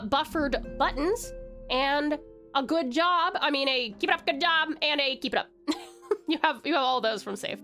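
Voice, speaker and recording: A woman's voice: high voice, bright, forceful tone. An Australian woman streaming casually, bubbly and chatty, greeting viewers with sweet nicknames. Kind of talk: casual live-stream chat. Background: faint game music.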